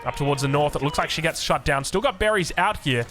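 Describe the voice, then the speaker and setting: An Australian man giving energetic, jokey commentary on a strategy game match. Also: fairly high pitch, fast talker, over music. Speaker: game caster. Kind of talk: excited esports commentary.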